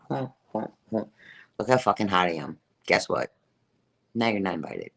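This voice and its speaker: A middle-aged woman telling a personal story to her live chat, emphatic, repetitive and profane, laughing as she goes. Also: very deep voice. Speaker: livestreamer.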